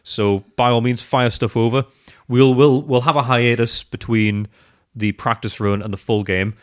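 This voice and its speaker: A man's voice: mid-range voice, fairly even intonation, normal speed, clear, resonant tone. A man co-hosting a podcast in casual, self-deprecating chat. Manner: chatty, self-deprecating, trails off and restarts. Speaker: podcast co-host.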